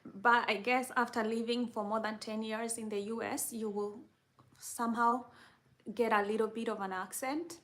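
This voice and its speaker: A woman's voice: on the high side, fairly even intonation, moderate pace, a bit bright. A young woman from Kenya with a Kenyan accent, chatting casually and answering questions, with lots of restarts and "you know.".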